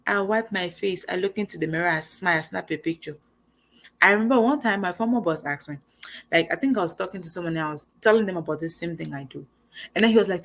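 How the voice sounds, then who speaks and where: Lively woman giving a pep talk. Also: fairly low pitch, fast. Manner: animated, conversational, acts out quoted lines. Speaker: host. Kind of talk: casual motivational talk.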